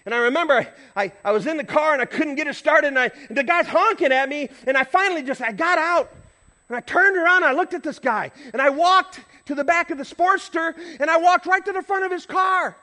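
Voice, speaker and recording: Middle-aged male pastor, high bright tone, animated storytelling sermon. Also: fairly quick. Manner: animated storyteller, acts out shouts and honks.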